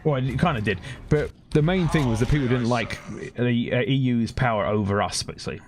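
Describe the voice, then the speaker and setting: British man, young, casual rambling chat, game stream, soft hiss behind. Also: mid-range voice, a little fast. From Britain. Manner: rambling, chatty, laughs at his own points. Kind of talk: casual chat while gaming.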